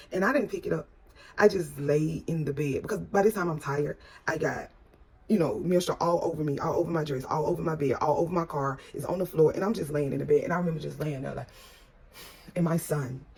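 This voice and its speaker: A middle-aged woman telling a personal story to viewers in an emotional, repetitive way, calling them y'all. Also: sits low. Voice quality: gravelly, husky voice.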